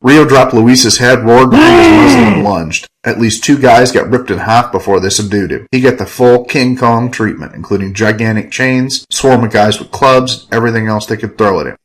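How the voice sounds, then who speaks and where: A man with a fairly low voice reads a gritty first-person story aloud. His telling is hard-boiled and wry, with plenty of swearing. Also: rough recording. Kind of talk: first-person scripted narration.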